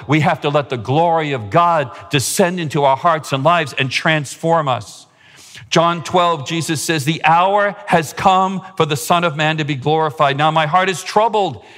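Male pastor, fervent sermon delivery, slightly high voice, long church reverb. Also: moderate pace, fairly bright tone. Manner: impassioned preaching, rising pitch at climaxes. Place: church sanctuary.

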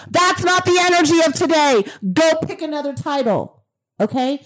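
A woman's voice: high voice, lively intonation, moderate pace. A woman hosting a spiritual self-help podcast, talking emphatically in repeated affirmations and swearing casually. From Colombian-American. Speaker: podcast host. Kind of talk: motivational spiritual podcast monologue.

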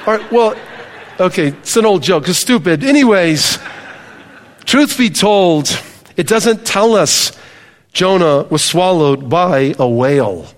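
A man's voice: high-pitched, sing-song, takes it slowly, big-room sound. A middle-aged male pastor preaching a sermon in a loose, conversational way, speaking straight to his congregation. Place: church hall with congregation.

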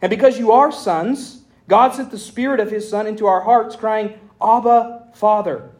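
Guy preaching, fairly high voice, lively and folksy, reading bible verses out loud. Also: moderate pace. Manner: animated preaching, reads scripture aloud, folksy asides. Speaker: pastor. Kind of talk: sermon.

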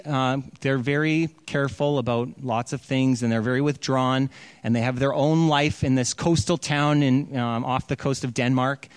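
A man's voice: fairly high pitch, no echo. A man preaching, animatedly retelling a story and acting out its quotes in a casual sermon style. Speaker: pastor.

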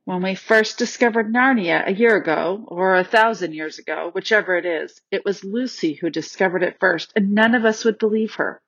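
A woman voicing a remorseful, fair-minded younger boy who speaks quickly and earnestly in a storybook reading. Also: mid-range voice, fairly bright tone, slightly rough. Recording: dull, slightly lo-fi dry recording.

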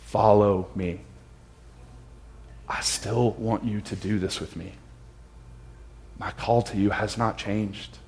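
A preacher plays a patient male teacher speaking with soft, calm reassurance. The voice drops quieter than the preacher's own and stays low. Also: slow, a little hiss or hum. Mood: gentle. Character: gentle patient male teacher calling a follower.

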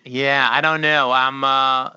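A man's voice: mid-range voice, little pitch movement, slow, pushed and bright, clear, resonant tone, dry recording. A man in casual chat, talking in a laid-back, rambling way and chuckling between remarks. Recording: slightly dull lo-fi recording.

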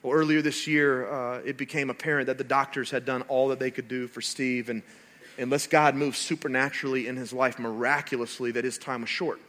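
A man, a pastor, preaching a sermon and telling stories with animated, rising emphasis. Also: mid-range voice, fairly quick.

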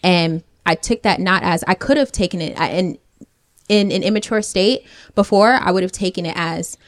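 A woman co-hosting a faith podcast, talking in an earnest, reflective way with many pauses. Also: lowish voice, no echo, studio quality. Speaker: podcast co-host. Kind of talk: casual chat about prayer.

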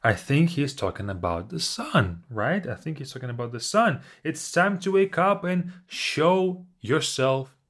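A man teaching a language class, reciting poems slowly and expressively, then explaining each line in a reflective, halting way. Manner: slow, expressive recitation with lively pitch. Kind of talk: reading and explaining poetry.

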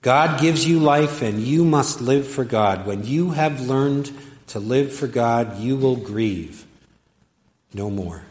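A man's voice: medium pitch, lively intonation, darkish tone. A preacher voicing an earnest old holy man. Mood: exhorting. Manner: slow, earnest exhortation. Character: gentle old male holy man, firm. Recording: echoey church with long reverb.

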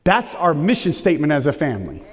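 Middle-aged male pastor, high and booming, big emphatic sermon voice, long hall reverb. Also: fast talker. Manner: loud booming preaching voice, lively and emphatic.

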